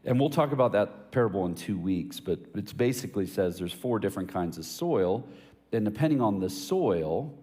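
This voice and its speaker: A man's voice: fairly low pitch, expressive, normal speed, mellow, long reverb tail. A man preaching a sermon as a pastor, telling casual stories with jokes and asking emphatic questions. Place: church hall.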